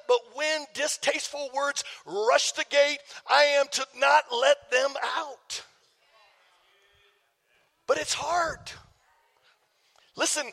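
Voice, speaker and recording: A man, a pastor preaching a sermon, telling a story with jokes for the congregation in an animated way. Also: extremely high pitch, gravelly. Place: church sanctuary. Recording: long hall reverb.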